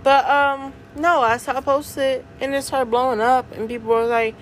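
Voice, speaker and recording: A woman's voice: high voice, little pitch movement, normal speed. Young woman podcaster, casual slangy chatter with easy laughs, faint noise underneath. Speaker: podcast host. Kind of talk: casual solo podcast chat.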